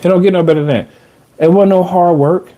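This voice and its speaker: A man hosting a podcast, telling a personal story in a casual, animated way, full of slang and repeated phrases for emphasis. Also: high-pitched, quick pace, dull audio. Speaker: podcast host.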